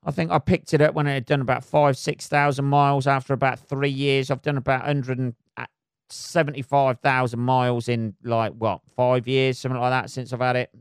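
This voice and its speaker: A man's voice: mid-range voice, little pitch movement, fairly quick, clean tone, dry recording, clean studio sound. Rambling, sweary man. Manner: swears constantly, loose and rambling. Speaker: podcast host and comedian. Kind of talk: rambling solo podcast chat.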